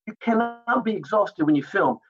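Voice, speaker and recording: A man, a martial artist and actor, telling animated anecdotes in an interview and acting out other people's lines. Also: high voice, moderate pace, lo-fi sound. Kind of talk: storytelling interview.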